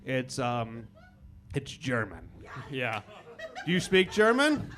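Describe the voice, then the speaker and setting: Slow-talking stand-up comedian, a man. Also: medium pitch. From Chicago. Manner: deadpan delivery of mock foreign gibberish. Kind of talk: stand-up set. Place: comedy club stage.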